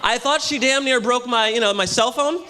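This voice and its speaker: A man doing a loud, punchy stand-up comedy set on a hotel ballroom stage, with a live audience audible. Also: very high voice, moderate pace. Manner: loud, punchy delivery to a crowd.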